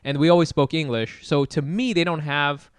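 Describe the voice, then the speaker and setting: Man, podcast co-host, smooth voice, dry close sound, chatty. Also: fairly high pitch, fairly even intonation, moderate pace, dry recording. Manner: chatty, frequent affirmations, restarts when reflecting. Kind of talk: casual podcast chat.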